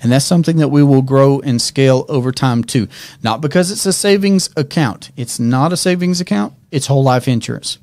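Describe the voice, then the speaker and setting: A man's voice: medium pitch, a little fast, darkish tone, no room sound. A middle-aged man hosting a talk in an office, explaining ideas step by step and checking in with questions as he goes. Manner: teaching with frequent check-in questions. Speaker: host and financial educator.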